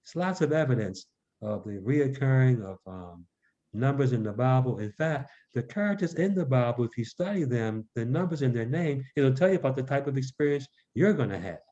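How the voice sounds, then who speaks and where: A man from Baltimore, a numerologist guest on a podcast, speaking in a measured way. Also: medium pitch, animated, mellow. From Baltimore, Maryland. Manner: measured, spells out web addresses slowly. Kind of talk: podcast interview. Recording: dull lo-fi audio.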